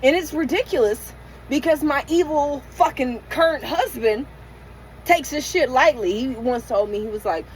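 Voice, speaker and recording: A middle-aged woman talks straight into her phone from inside her van, her voice sitting a little high for a woman. She vents raw and profane, stumbling into restarts as her feelings pour out. A faint hum of noise sits behind her. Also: animated, normal speed, poor audio. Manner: raw, emotional, profane venting with many restarts. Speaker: van-life vlogger. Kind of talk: candid late-night vlog rant.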